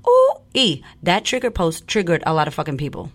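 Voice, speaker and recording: A woman's voice: sits low, lively intonation, quick pace. A woman podcast host and coach talking in a blunt, profane, fired-up way in a casual monologue.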